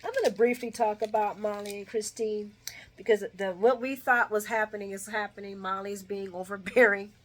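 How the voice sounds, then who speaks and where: A woman's voice: steady tone, moderate pace, a little hiss or hum. Chatty, opinionated woman recapping a soap. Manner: opinionated and chatty, swinging between loud bursts and low asides. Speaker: soap opera recap vlogger. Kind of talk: casual recap commentary.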